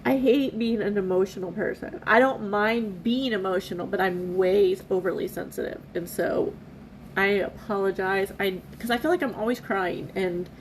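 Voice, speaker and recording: A woman reflects on a devotional reading in a candid, heartfelt way. Her speech is halting and earnest, and her voice sits at a middling pitch. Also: slight background noise, rough recording. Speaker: devotional vlogger.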